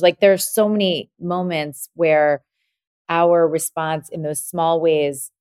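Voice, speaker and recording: Low-voiced woman hosting a parenting podcast, thinking out loud, super dry close sound. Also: fairly even intonation, slow pace, clear, resonant tone, no echo. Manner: reflective, thinks aloud, builds on guest's points. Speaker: podcast host. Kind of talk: conversational podcast interview.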